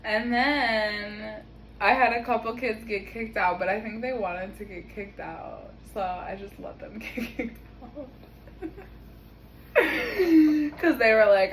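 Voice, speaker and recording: A woman's voice: mid-range voice, slow, poor audio. Young woman vlogger, chatty and laughing, casual swearing, faint room noise. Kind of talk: casual storytelling. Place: home kitchen.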